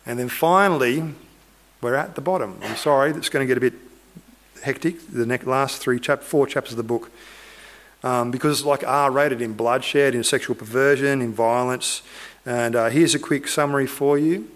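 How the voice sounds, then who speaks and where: A man's voice: medium pitch, moderate pace. A man preaching, retelling a Bible story in a loose, conversational way with asides to his listeners.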